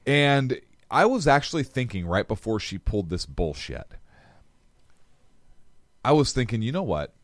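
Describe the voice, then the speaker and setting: A man's voice: lowish voice, no echo. A man co-hosting a casual political talk show, blunt and profane in his opinions. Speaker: podcast co-host.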